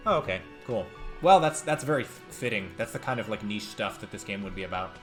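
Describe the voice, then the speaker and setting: A man's voice: fairly low pitch, expressive, fairly quick, fairly bright tone, faint music behind. A man casually commenting while playing a video game, joking at his own expense. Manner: casual, self-mocking. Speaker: let's play host. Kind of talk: gameplay commentary.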